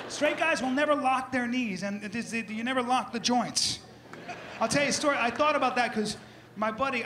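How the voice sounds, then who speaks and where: High-voiced brash male stand-up comic. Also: pushed and bright. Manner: brash, mock-instructional, acts out bits. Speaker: stand-up comedian. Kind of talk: stand-up comedy set. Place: stage before a live audience. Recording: roomy live venue with crowd noise. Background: audience laughter.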